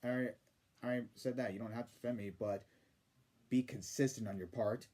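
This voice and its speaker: Male vlogger ranting about comments, sarcastic, swears freely, mid pitch. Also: steady tone, moderate pace, dark tone. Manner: sarcastic, profane. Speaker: YouTube commentator. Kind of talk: casual commentary rant.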